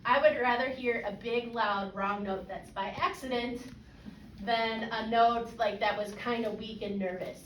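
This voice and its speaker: A woman's voice: on the high side, a little slow, recorded from a distance, slight background noise. Woman band clinician, casual and encouraging; recorded from afar in a roomy rehearsal space. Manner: casual, encouraging, lots of fillers and checks for understanding. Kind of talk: coaching a student ensemble. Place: rehearsal room. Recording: echoey room, voice from afar.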